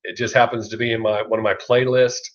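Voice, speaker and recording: A man's voice: fairly low pitch, little pitch movement, fast. A middle-aged man with a Southern US accent, chatting casually on a livestream, rambling, swearing freely and laughing often. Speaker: livestream host. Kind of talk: casual live chat. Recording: lo-fi dull sound.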